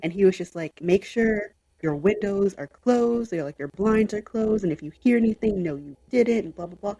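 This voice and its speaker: Mellow, breathy woman telling a story. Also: mid-range voice, moderate pace. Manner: animated, lots of fillers and quoted inner voice. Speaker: podcast co-host. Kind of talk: casual storytelling.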